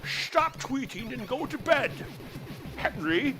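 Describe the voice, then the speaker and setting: A man's voice: extremely high pitch, sing-song, slow, over music, pitched above the performer's own voice, exaggerated voice, rough recording. A man putting on a drawling impression of an elderly professor father with a slurred, lispy S, rambling while playing a game. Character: gruff elderly Scottish professor father, lecturing. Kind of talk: comedic impression during a game stream.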